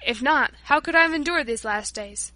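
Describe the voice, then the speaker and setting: A woman's voice: high voice, lively intonation, normal speed, sharp tone, no room sound. A woman reading an audiobook, voicing a humble, repentant male Breton workman and former drunkard, with an earnest, pleading delivery. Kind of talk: audiobook narration.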